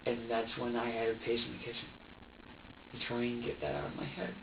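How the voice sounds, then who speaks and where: A man's voice: medium pitch, fairly even intonation, vocal fry, noisy background. Man in an echoey interrogation recording. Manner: halting and repetitive, restarting sentences, quoting himself. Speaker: suspect being questioned by police. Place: police interview room. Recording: echoey, distant, dull lo-fi room recording.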